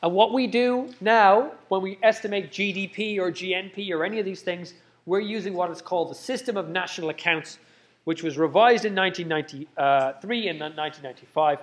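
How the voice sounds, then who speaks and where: A man with a high, light voice lectures a room of students. He keeps checking in with "okay?", says the main points twice and throws in joking asides. His voice sometimes drifts back from the mic in the lecture hall. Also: fairly quick. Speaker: university lecturer. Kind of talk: live lecture.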